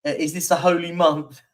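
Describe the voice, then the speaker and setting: Through a distant mic comes a man whose voice is on the high side and sharp in tone, hosting a casual live stream. In a rambling, chatty manner he reads out football stats and viewer comments, full of fillers.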